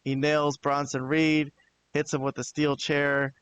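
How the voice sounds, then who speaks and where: A man giving a relaxed, plain-spoken review of a wrestling show on a live stream, now and then swearing casually. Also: on the high side, measured pace, lo-fi sound, slight background noise.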